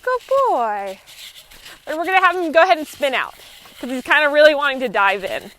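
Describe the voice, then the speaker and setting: A woman horse trainer working a horse outdoors, explaining each step in a calm, steady, instructive way. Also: sits high, fairly quick. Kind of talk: live training commentary.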